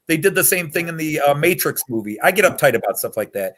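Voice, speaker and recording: A man's voice: fairly high pitch, expressive, fast talker, fairly bright tone. A man talking casually and at length on a hobby chat show, rambling and getting worked up over history.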